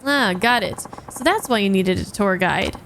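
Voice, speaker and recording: A woman's voice: medium pitch, lively intonation, normal speed, gravelly, fairly bright tone, slight background noise, voice pushed down. A woman voicing an easygoing, curious man acting as a tour guide, with dry, wry remarks, reading game dialogue aloud.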